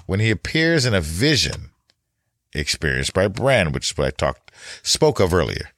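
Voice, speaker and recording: A man talking through a TV series recap and analysis in a thoughtful, casual way, pausing and restarting as he goes. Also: low-pitched, fairly bright tone, no echo, clean studio sound. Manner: thoughtful, with frequent pauses and restarts.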